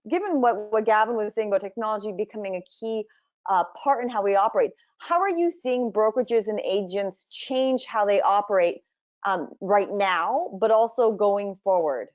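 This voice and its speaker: A woman moderating a panel on a video call. She is brisk and polite as she thanks speakers and poses questions. Her voice sits at a medium pitch. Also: darkish tone, dull audio. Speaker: webinar moderator.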